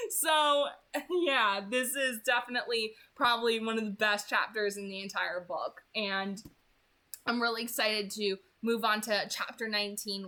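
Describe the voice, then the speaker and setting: This is a young woman in her twenties hosting a read-aloud channel, chatting through her thoughts on the chapter she just finished. Her voice is bright and forward, sitting a little high, and she talks in a loose, gushing way, leaning on "like" and "you know" as she goes. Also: fairly even intonation, moderate pace. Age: 20s. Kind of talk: casual chapter recap and commentary.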